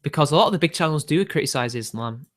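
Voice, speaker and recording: A man live-streaming and answering his chat in a rambling way, quickly getting riled and swearing. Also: a little high, animated.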